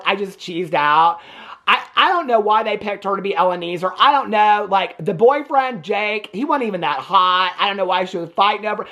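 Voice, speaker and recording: A woman's voice: mid-range voice, fairly bright tone. A woman with a Southern US accent giving a sassy, chatty movie review, laughing often and tossing in "baby" and "okay?" as she talks. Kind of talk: casual movie review rant.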